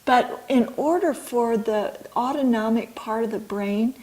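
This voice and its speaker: Slow, thoughtful woman explaining. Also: on the high side, a little mellow, poor audio. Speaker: author and midwife. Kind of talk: interview.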